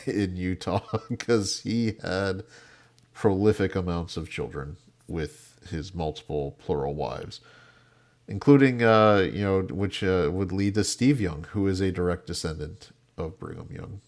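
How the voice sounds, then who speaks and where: A man hosting a casual political panel show, talking fast with quick asides and cutting in on others. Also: low-pitched, animated. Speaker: host.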